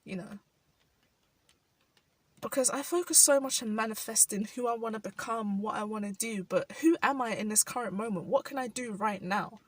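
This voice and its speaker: A young woman with a London accent reflects on camera in an unhurried, personal way, often saying "like" as she thinks. Her voice is husky and a touch breathy. The recording is dry and set a bit back from the microphone. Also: mid-range voice, no room sound, far from the mic, rough recording. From South London, England. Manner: thoughtful, frequent "like" fillers, soft laughs. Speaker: vlogger. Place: indoors while rain falls outside.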